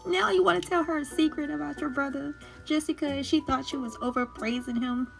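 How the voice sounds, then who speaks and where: A woman's voice: high voice, fairly even intonation, moderate pace, creaky, soft background music. A woman recapping a series episode in a casual chat, laughing often and teasing the characters as if she were talking to them. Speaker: show recap host. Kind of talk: casual reaction commentary.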